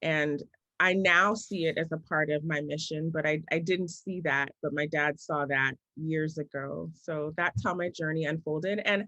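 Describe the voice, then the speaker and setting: A woman in her forties, a business coach, answering interview questions in a thoughtful, story-telling way that often slows down to make a point. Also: deep voice, fairly even intonation, pushed and bright, dry recording, poor audio.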